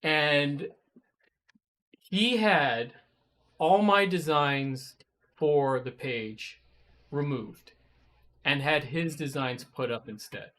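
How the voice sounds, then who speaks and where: A man recounts a workplace story in a relaxed studio chat. His voice sits a little high and he tells it animatedly, swearing as he acts out his past outbursts. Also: very slow, long pauses. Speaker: guest, web designer.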